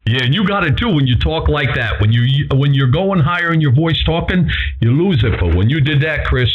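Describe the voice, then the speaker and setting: A man's voice: on the high side, animated, brisk. A man joking playfully as an amateur radio operator, heard through a radio transmission. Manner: playful, teasing. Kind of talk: casual ham radio chat. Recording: tinny radio transmission with faint hiss.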